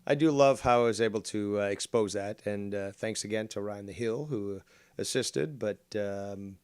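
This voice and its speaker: A man's voice: lowish voice, moderate pace, darkish tone, smooth, no echo. A man giving casual, rambling commentary on a stream clip, sarcastic and swearing freely.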